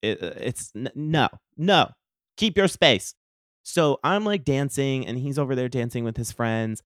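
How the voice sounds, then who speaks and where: A young adult man hosting a solo podcast, telling an animated, profane story full of quoted dialogue. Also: mid-range voice, a little slow, dry recording, studio quality. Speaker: podcast host.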